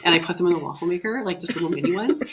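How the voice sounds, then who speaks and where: A middle-aged woman co-hosting a casual chat podcast, telling chatty, animated stories while sick with a cold. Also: lowish voice, rapid-fire, slight background noise. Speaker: podcast co-host, mother. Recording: dull lo-fi sound.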